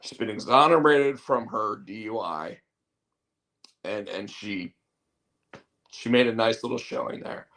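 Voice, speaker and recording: A man's voice: lowish voice, measured pace, creaky, pauses often, fairly bright tone. A man hosting a show, chatting casually in a rambling, opinionated way. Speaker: show host. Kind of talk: casual wrestling chat.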